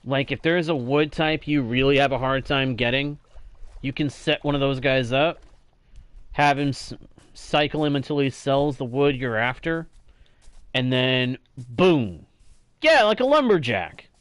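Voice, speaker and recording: A man's voice: mid-range voice, steady tone, a little slow, clean tone, dry recording. A man with a slightly nasal voice, chatting casually with viewers while live-streaming a game, thanking them often and laughing easily.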